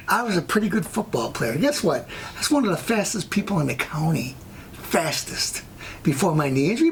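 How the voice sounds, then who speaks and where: Telling a long, blunt story on his own show, an American host rambles and drifts onto tangents in an opinionated monologue. His voice is high and gravelly, and there's a little hiss or hum in the background.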